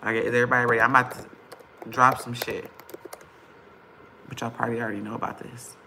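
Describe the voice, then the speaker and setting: A woman chatting casually on a livestream with her viewers, impatient and bantering with loud bursts. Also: a bass voice, flat delivery, quick pace, vocal fry, noisy background. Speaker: vlogger on a livestream.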